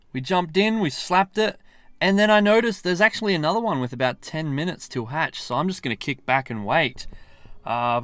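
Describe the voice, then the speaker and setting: A man, chatting excitedly and casually as he plays a mobile game. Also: fairly high pitch, clear, resonant tone, dry recording. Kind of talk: casual running commentary while playing.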